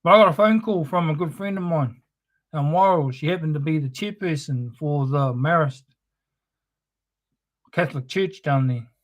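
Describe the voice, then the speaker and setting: A man's voice: fairly high pitch, normal speed, pauses often. A man giving an impassioned live-streamed monologue, preachy and confrontational, swearing heavily. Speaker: livestream host. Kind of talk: impassioned spoken-word monologue.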